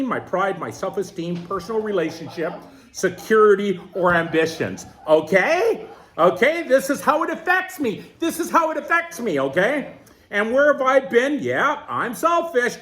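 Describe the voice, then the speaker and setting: A man teaching a group workshop in plain, conversational words, often checking in with his listeners. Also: sits high. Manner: animated, keeps checking in with listeners. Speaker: twelve-step workshop leader.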